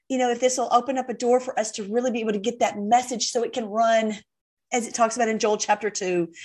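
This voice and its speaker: A woman host talking casually to her viewers, rambling and emotional with deep thanks. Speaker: online video host. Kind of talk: casual direct-to-camera talk.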